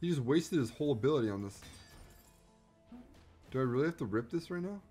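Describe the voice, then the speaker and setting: A man's voice: medium pitch, brisk, husky. Hyped-up guy streaming a game, voice jumping all over, breathless, faint music behind. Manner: excitable, rambling, repeats himself. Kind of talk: live gameplay commentary.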